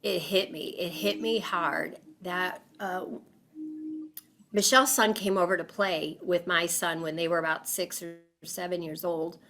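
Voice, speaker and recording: A woman talks through a personal story as an interview guest. Her voice is bright and forward, and she leans on fillers. She animates her account by acting out the quoted voices. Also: on the low side, fairly even intonation, measured pace.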